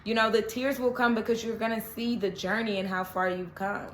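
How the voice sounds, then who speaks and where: A woman giving a casual, animated tarot reading, often checking in with "okay?" and repeating reassurances. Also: on the high side, a little fast. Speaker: tarot reader. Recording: echoey room with faint noise.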